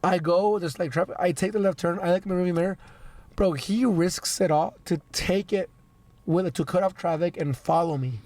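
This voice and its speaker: Brisk and high-voiced, this man hosts a podcast, his darkish tone recorded with no echo. Sickness has worn his voice down, and he chats casually through a rambling story packed with stammers and swearing.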